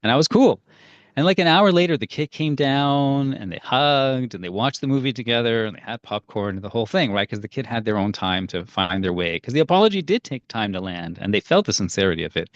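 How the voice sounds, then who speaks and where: A man's voice: medium pitch, lively intonation, fairly quick, no room sound. Man teaching in a dry, dull recording. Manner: conversational, storytelling, frequent fillers and restarts. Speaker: parenting workshop leader. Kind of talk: casual workshop teaching.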